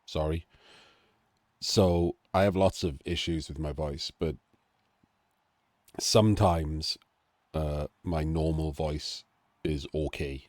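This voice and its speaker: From Wales, this man has a bass voice that's a little mellow yet nasal and throaty, and he's clearly ill, coughing as he talks through a game analysis. His intonation stays fairly even, and he takes his time with frequent pauses and chatty, self-deprecating remarks, captured in a dry recording.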